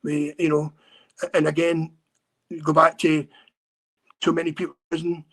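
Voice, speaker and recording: A man from Scotland, a guest on a podcast interview, telling his story earnestly with many halting repeats and restarts. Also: on the high side, completely flat delivery, fairly bright tone.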